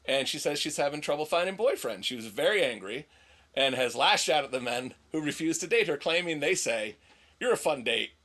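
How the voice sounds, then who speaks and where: A man in a casual podcast chat, joking and reading stories aloud. His voice is a little high and swings widely in pitch. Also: animated, brisk, a bit bright. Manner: joking, reads out news stories. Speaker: podcast co-host.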